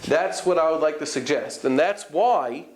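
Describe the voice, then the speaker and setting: A man's voice: fairly high pitch, lively intonation, normal speed. A man, a rabbi giving a live class, explaining and demonstrating vowel sounds while checking in with his students. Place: study hall classroom. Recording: echoey room.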